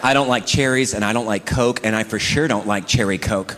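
A man's voice: on the low side, a little fast, fairly bright tone, big-room sound, slight background noise. A man performing a stand-up routine before a live audience, acting out both sides of married bickering with big comic outbursts. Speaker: stand-up comedian. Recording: live club recording with crowd laughter.

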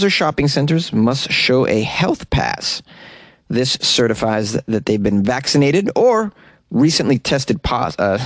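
A man's voice: medium pitch, no room sound. A man hosting a daily comedic news podcast, reading headlines and riffing with wisecracking asides. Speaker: podcast host.

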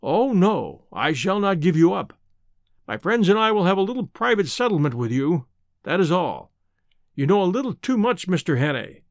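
A man voicing a calm, assured old male villain who speaks smoothly with quiet menace, in an audiobook. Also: high-pitched, normal speed, no echo, studio quality.

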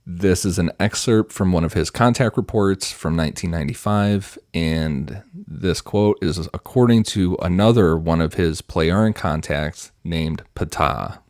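A man with a very low voice walks his co-hosts through researched notes. He reads evenly and matter-of-factly. The recording is dry and close. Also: a little slow, few pauses, no room sound. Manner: reads prepared notes in an even, matter-of-fact way. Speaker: podcast co-host presenting research. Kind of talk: casual podcast, presenting notes.

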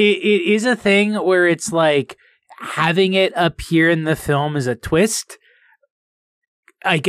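Chatty, rambling man with a bright voice. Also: high-pitched, clean tone, dry recording, studio quality. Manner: rambling and animated, heavy with "like" and quick laughs. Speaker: podcast co-host reviewing films. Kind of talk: casual chat. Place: at home.

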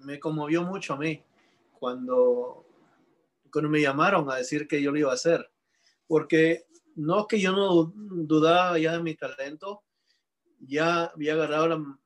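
A man from Peru, a guest answering reflectively, with frequent restarts and some English mixed in. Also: a little high. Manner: reflective, halting with many restarts. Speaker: sculptor guest. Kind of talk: interview answer.

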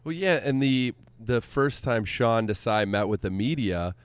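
A man's voice: mid-range voice, animated, a little slow, smooth, dry recording. A man co-hosting a casual sports podcast, blunt and sarcastic, swearing freely. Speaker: podcast co-host.

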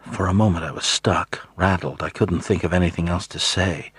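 Husky, low-voiced man narrating an audiobook, slow and measured. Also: bright, forceful tone, no room sound. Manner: measured storytelling. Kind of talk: first-person novel narration.

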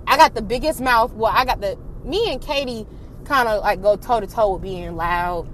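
A young adult woman casually telling a story, animated and profane, acting out what people said. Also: on the high side, moderate pace, slight background noise. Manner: animated, profane, acts out quotes.

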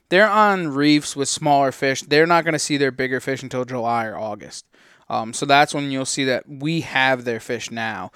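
A man's voice: medium pitch, fairly bright tone, smooth, no room sound, clean studio sound. A man co-hosting a podcast, telling rambling casual stories packed with fillers and swearing. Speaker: podcast co-host. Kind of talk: casual storytelling.

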